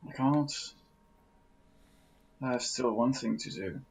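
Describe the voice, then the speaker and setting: A man voicing an exiled, homesick adult man in a tabletop game, speaking in a halting, earnest way. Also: mid-range voice, darkish tone, low-quality recording. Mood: sombre. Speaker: player. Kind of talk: in-character role-play.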